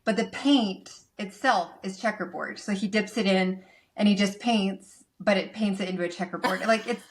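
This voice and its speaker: A woman guest on a casual podcast, retelling a cartoon in an animated, gushing way. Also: mid-range voice, normal speed.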